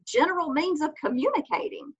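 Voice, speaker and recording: A woman guest on a faith-based parenting podcast, explaining earnestly and acting out the gentle words she says to her children. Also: high-pitched, expressive, fairly quick, highs cut off. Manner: earnest, explanatory, acts out mother-child dialogues.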